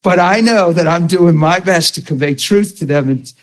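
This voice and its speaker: A man's voice: high voice, moderate pace, low-quality recording. A man teaching a ministry class in a blunt, conversational way, often acting out the people he quotes. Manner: animated, blunt, acts out quoted voices.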